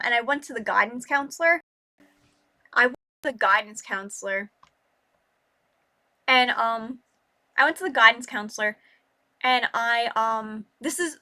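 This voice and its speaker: A young woman vlogger telling a personal story in a rambling, halting way, full of restarts and filler words. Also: a little high, bright, forceful tone.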